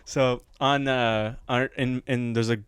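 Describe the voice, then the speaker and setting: A man's voice: mid-range voice, little pitch movement, slow, clear, resonant tone, no room sound. Rambling laughing man on a podcast. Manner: rambling storyteller, laughs often, acts out voices in stories. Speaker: podcast co-host. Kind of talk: casual comedy podcast chat.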